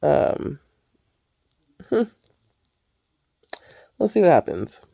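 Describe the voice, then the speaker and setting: A woman's voice: deep voice, big pitch swings, drawn-out words, gravelly, mellow, husky. A young woman host chatting casually and candidly, rambling and swearing freely. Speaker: podcast host. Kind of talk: casual chat.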